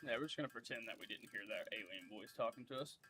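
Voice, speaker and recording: A man livestreaming a game, chatting casually in a relaxed, joking way. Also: mid-range voice, fast, faint music behind. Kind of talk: casual gameplay chat.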